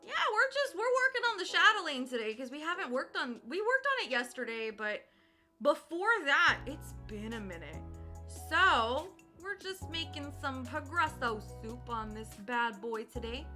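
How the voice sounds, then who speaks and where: A woman's voice: high-pitched, sing-song, normal speed, sharp tone, faint music behind. A young woman streaming casually while cross-stitching, chatty and teasing, swearing freely and laughing often.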